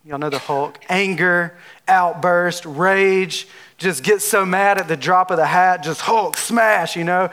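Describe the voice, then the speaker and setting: A man's voice: high-pitched, steady tone, a little slow, fairly bright tone, a little hiss or hum. A man pastor giving a casual, joking sermon, talking with the congregation. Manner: playful, conversational, jokes with the audience.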